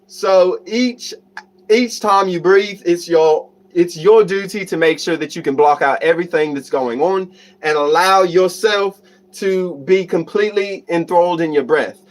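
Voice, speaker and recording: A man doing a put-on British accent, pitched a little high, talking slowly and earnestly about breathing and blocking out the world on a livestream. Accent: attempted British, put on. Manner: calm advice on breathing. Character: the host trying a British accent. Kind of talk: livestream talk.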